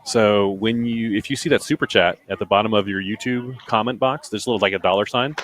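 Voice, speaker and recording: A man's voice: on the low side, fairly quick, a bit bright, slight background noise. A man commentating live on an obstacle race, emphatic and chatty, repeating his points. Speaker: race commentator and podcast host.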